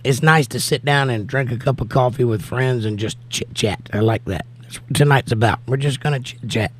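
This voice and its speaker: A man with a hoarse, nearly worn-out voice hosts a casual livestream, joking easily with viewers and reading their comments aloud. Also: medium pitch, fairly quick. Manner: easygoing and jokey, talking straight to viewers. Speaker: livestream host.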